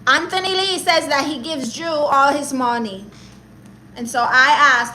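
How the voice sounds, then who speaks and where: A woman's voice: sits high, unhurried, long pauses, pushed and bright, slight background noise, rough recording. A woman live streaming, reading viewer messages and roasting them in a sassy, mock-arrogant way, dropping Spanish words.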